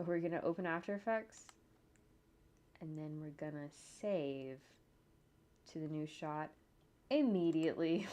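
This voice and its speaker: A woman with a lowish voice narrates her animation work casually as she goes. She thinks aloud, tosses in jokey asides and hums to herself. Faint typing and mouse clicks sit behind her. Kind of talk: casual narration while working on screen. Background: faint computer keyboard typing and clicks.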